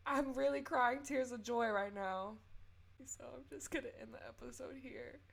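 A young woman hosts a personal podcast episode, her voice a touch higher than most. She talks with earnest, tearful sincerity. She leans into faith-filled encouragement for her listeners. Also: fairly even intonation, normal speed, gravelly. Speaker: podcast host.

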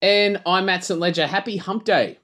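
A man's voice: high-pitched, fairly even intonation, moderate pace, fairly bright tone. A man co-hosting a podcast, with dry, short replies. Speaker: podcast co-host.

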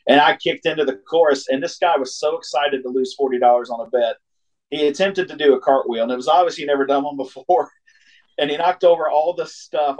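A man's voice: fairly high pitch, fairly quick, rough recording. A man, a singer-songwriter from Ohio, telling a road story in casual chat, laughing often and acting out the voices of people in the story. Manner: animated, laughs often, acts out quoted voices.

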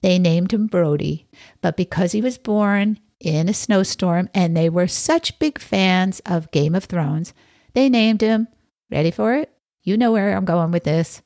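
A woman podcast host tells a story in a casual, chatty way and breaks off for wry asides. Her voice is lowish with a gravelly fry, and the sound is dry and close. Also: a little slow, warm tone, no echo.

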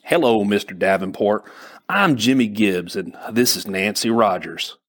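A man's voice: lowish voice, lively intonation, measured pace. A man doing a jovial Texan embassy man. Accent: Southern US, Texas. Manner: friendly and jovial drawl.

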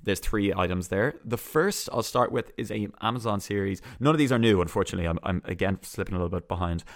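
A man hosting a solo entertainment news podcast, chatty and sarcastic, full of quick asides and restarts. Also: fairly low pitch, no echo, clean studio sound. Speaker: podcast host.

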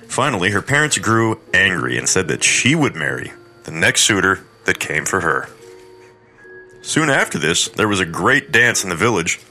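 A man narrates a horror story podcast in a deep voice with a bright, forceful edge. He breaks up the tale with crude, irreverent jokes. Faint music plays underneath.

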